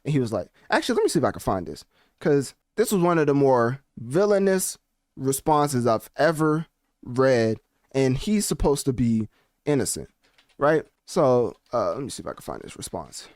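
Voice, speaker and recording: A man hosting a casual commentary video, talking in an animated, slangy and rambling way. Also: mid-range voice, moderate pace, dry recording, clean studio sound. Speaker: commentary channel host.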